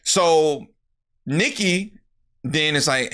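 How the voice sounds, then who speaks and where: A young YouTuber recaps a movie's plot loosely and profanely, with plenty of animation but at a measured pace. His slightly high voice is bright and sharp, and he keeps slipping into the characters' lines.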